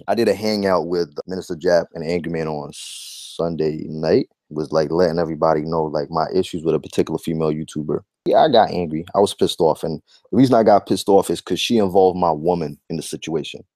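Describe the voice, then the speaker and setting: Man, vlog rant, heated, emphatic, repetitive, lowish voice, dry sound. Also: steady tone, a little fast, few pauses, mellow, no room sound. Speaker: YouTube commentator.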